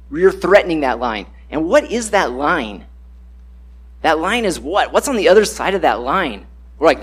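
A man's voice: on the high side, big pitch swings, normal speed, slightly rough. A man giving a casual, conversational sermon, acting out the voices he quotes.

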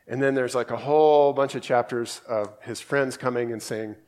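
With a steady, slightly mellow tone at medium pitch, this Australian man preaches at a normal speed. His sermon feels relaxed and conversational, and he reads scripture aloud while performing quoted voices.

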